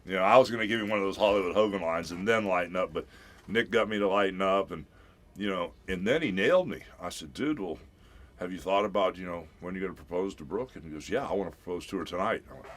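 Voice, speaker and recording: A man in his fifties, a celebrity guest on a radio show, telling a lively story and acting out what people said, calling everyone brother. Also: deep voice, fast talker. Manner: animated storyteller who acts out quotes, calls people brother. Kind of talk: casual radio interview storytelling.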